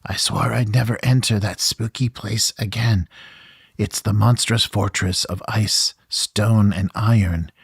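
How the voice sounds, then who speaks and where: A man's voice: on the low side, steady tone, unhurried, creaky, slightly rough, no echo, clean studio sound, full character voice. A man voicing a whiny, cowardly male troll servant in a tabletop adventure, grumbling and complaining. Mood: whining. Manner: whining, grumbling.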